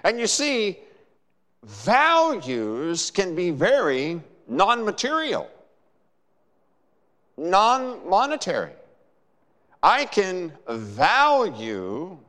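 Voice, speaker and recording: Male preacher, slow and deliberate, lively rising and falling delivery, long church reverb. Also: high voice. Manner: measured, emphatic preaching with dramatic pauses. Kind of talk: sermon.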